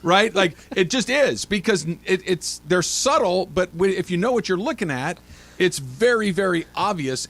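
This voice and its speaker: A middle-aged man hosting a sports talk radio show, telling animated stories and acting out loud shouts. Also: fairly high pitch. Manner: animated storytelling, mimics shouts. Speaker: radio host.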